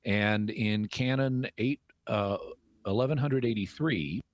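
A man with a very deep voice answers listener questions on a call-in radio show. He explains things in a measured, teacherly way and sometimes restarts a sentence. The sound is dry and close. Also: no room sound.

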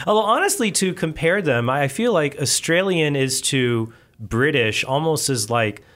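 A man hosting a podcast, chatting casually with a guest and joking in quick asides. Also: on the high side, expressive, fairly bright tone. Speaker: podcast host. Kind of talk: casual interview chat.

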